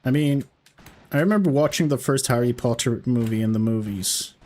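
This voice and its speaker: A man's voice: mid-range voice, normal speed, a little mellow. Chatty man in his forties, Texan twang. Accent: mixed British-school and Texan. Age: 40s. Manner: chatty, self-deprecating. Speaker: game streamer. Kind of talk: casual gaming commentary.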